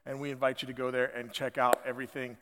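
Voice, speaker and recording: A man's voice: medium pitch, monotone, quick pace, background noise. A man in his fifties with an American accent, preaching a chatty, conversational sermon from his church. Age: 50s. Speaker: pastor. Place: church sanctuary. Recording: long hall reverb.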